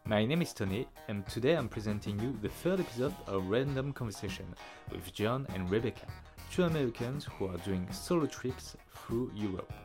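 A man's voice: medium pitch, expressive, fairly quick. A male podcast host reading a scripted intro in a welcoming tone. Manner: reads an announcement in a welcoming tone. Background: guitar music.

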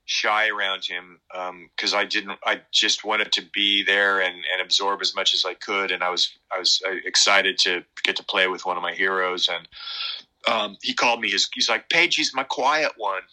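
A middle-aged man talking in a casual interview, rambling and halting with many fillers and restarts. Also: low voice, pushed and bright, poor audio. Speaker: guest musician.

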